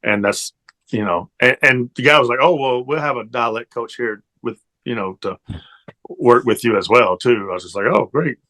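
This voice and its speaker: Bright-voiced Tennessee man. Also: medium pitch, moderate pace. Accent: Southern US, Tennessee. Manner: rambling storyteller, many fillers and restarts, laughs easily. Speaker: actor guest. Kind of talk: casual interview chat.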